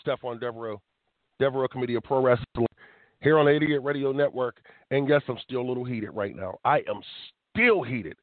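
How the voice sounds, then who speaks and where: A man hosts a wrestling talk show on internet radio, sounding animated, riled up, and emphatic. His mid-range voice moves fairly quickly. The recording is dry and tinny, like phone-quality internet radio.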